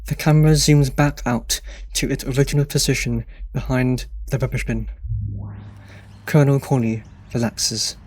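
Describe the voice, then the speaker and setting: A man's voice: medium pitch, fairly even intonation, normal speed, a little mellow, slightly rough. A man reading a screenplay's scene directions aloud in a dry, matter-of-fact way. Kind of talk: scripted narration of scene directions.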